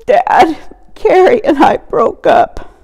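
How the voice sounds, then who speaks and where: A woman pastor plays a distressed teenage girl who pleads in a high, loud voice. She sounds worked up and upset. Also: sing-song, measured pace, gravelly, full character voice.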